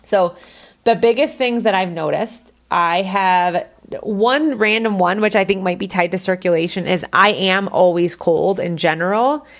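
A woman's voice: medium pitch, unhurried. Chatty candid woman podcasting solo. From Colorado, United States. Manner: chatty, candid, frequent "like" fillers. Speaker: podcast host. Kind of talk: casual solo podcast talk. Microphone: podcast microphone.

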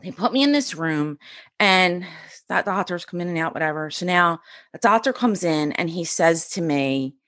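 A woman in her forties, a podcast guest, telling a personal story in a lively, animated way and acting out the voices of the people in it. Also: fairly low pitch, moderate pace, no room sound, studio quality. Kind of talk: storytelling in an interview.

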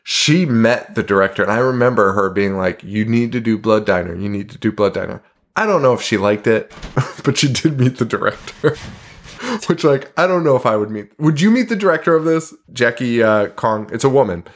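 A man chatting on a podcast in a relaxed, unscripted way. He laughs often, swears freely and acts out quotes as he retells scenes. His voice sits at an ordinary middle pitch. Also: normal speed. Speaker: podcast co-host. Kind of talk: casual chat.

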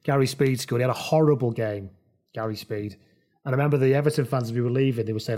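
A man hosting a casual football podcast, telling lively, jokey anecdotes. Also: medium pitch, quick pace. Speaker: podcast host.

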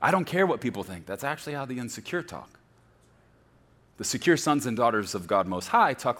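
A man preaching a sermon as a pastor, swinging from loud shouts to quiet, close talk. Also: mid-range voice, big pitch swings, a little fast. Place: church sanctuary.

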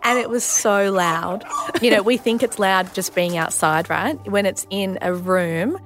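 A woman in her thirties, a nurse and mother, telling a story in a casual interview, full of "like" and "you know". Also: mid-range voice. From Australia. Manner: chatty, lots of "like" and "you know", quick asides.

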